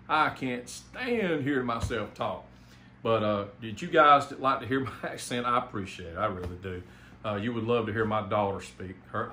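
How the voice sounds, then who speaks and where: A man's voice: medium pitch, sharp tone. A man from South Carolina with a Southern accent, rambling through a casual channel update. He sounds enthusiastic, and he pads his talk with fillers and false starts. The room gives his voice a noticeable echo, and there is a faint hiss of noise behind him. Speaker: home theater YouTuber.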